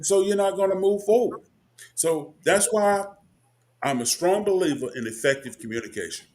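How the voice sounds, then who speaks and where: A man's voice: high voice, moderate pace, darkish tone, slight background noise. A man in his sixties from North Carolina hosting a casual discussion, emphatic and checking in with "okay?". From Kinston, North Carolina. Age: 60s. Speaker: host.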